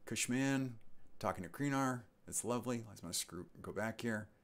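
A man's voice: medium pitch, moderate pace. A man in his sixties hosting his channel's live stream, chatting casually and reading out viewer comments with rambling asides. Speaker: channel host.

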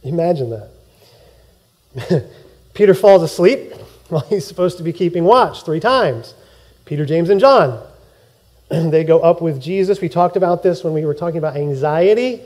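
A male pastor giving a sermon in a church, telling the story in a lively way, acting out quotes and laughing along. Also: on the high side, normal speed.

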